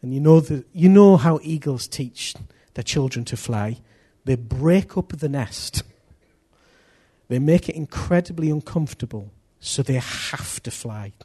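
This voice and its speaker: A middle-aged man preaching a sermon in an animated way, acting out voices and swinging from loud to hushed. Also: on the high side, unhurried, slightly rough.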